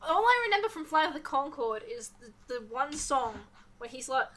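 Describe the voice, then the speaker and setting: A woman's voice: high voice, big pitch swings, normal speed, a bit bright. A woman, a podcast guest in casual chat, blunt, crude and joking.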